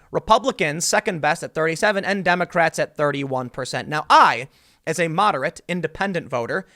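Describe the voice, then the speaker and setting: A man's voice: high-pitched, fairly bright tone. A man hosting political commentary, talking casually and mocking his targets with sarcasm.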